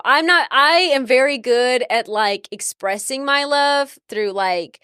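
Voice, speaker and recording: A woman's voice: high-pitched, unhurried, bright, forceful tone, clean tone, no room sound, clean studio sound. A woman chatting playfully and teasingly with her fiancé about their wedding. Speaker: vlog co-host, bride-to-be. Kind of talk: casual chat.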